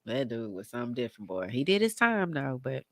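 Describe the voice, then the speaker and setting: A woman's voice: a bass voice, very animated, a little fast, a bit bright, no echo, clean studio sound. A woman co-hosting a casual podcast, stuffy and congested from a cold, playful and jokey. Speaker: podcast co-host. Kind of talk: casual chat.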